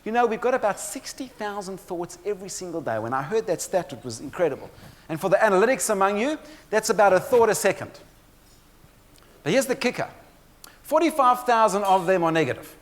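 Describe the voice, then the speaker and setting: A man's voice: sits high, sing-song, a little fast. A man giving a keynote talk, telling stories with dry humor and speaking straight to the audience. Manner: storytelling with dry humor, addresses audience directly. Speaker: motivational speaker. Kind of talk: keynote presentation on stress. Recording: long hall reverb.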